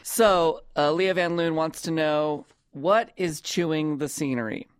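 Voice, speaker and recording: A man hosting a comedy podcast, talking in a playful, rambling, animated way. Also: a little high, unhurried, clean tone. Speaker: podcast host. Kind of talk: casual comedic chat.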